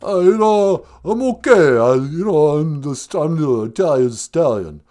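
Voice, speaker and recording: A man's voice: fairly high pitch, lively intonation, normal speed, dark tone, pitched above the performer's own voice, lightly acted. A man doing a mumbling tough-guy boxer star. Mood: laid-back. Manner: slurred tough-guy talk. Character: mumbling tough-guy boxer movie star, male, middle-aged, laid-back. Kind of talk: comedic impression.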